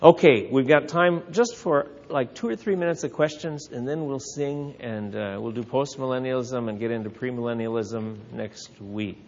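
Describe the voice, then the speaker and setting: A man's voice: medium pitch, moderate pace, few pauses. Man, Bible class teacher, conversational, rhetorical questions, dull sound, long hall reverb.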